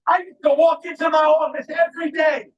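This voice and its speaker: A man giving a live motivational keynote speech, emphatic and often shouting to the crowd. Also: extremely high pitch, flat delivery, fairly quick, distant mic, muffled recording. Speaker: motivational speaker. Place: large live event venue.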